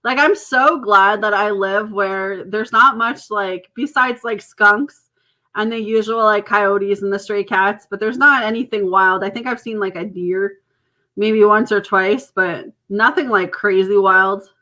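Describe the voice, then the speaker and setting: A woman's voice: mid-range voice, fairly even intonation, measured pace, pushed and bright. A Canadian woman, mother of grown children, giving a chatty, reassuring live tarot reading to viewers. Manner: chatty, reassuring, laughs often. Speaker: tarot reader.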